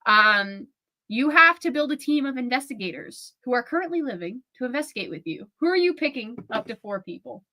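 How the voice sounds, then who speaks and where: A playful young woman co-hosting a casual chat, her voice bright and a touch high. She giggles often between questions. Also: big pitch swings, fairly quick. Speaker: co-host.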